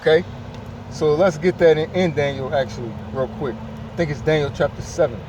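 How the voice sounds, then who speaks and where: A man's voice: fairly high pitch, fairly quick. A man preaching informally outdoors, emphatic and repetitive, often saying "man" and "okay". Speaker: street preacher. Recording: distant mic, loud traffic noise outdoors.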